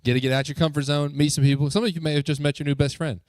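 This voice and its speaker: A man talks to a youth group in a church, upbeat and joking as he coaxes the crowd with quick questions. His voice sits a little high for a man, and the sound is close and dry. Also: steady tone, darkish tone, no echo. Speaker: youth pastor. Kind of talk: lively talk to a youth group.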